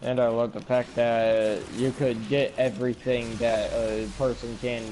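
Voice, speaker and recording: Relaxed male gamer, mid pitch, rambling streamer chat, faint noise behind. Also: measured pace, rough recording. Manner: relaxed, rambling, laughs easily. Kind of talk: casual chat while gaming.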